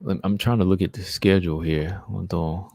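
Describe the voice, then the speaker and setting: Gravelly-voiced man hosting a live chat. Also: sits low, fairly even intonation, normal speed, a little mellow, dry recording. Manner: chatty, answers viewers, says "man" a lot. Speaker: livestream host reading chat. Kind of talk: casual live-stream chat.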